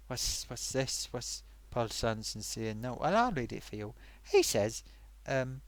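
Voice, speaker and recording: A man's voice: mid-range voice, big pitch swings, measured pace, no echo. A man hosting a casual live stream, chatting and reading out viewer comments.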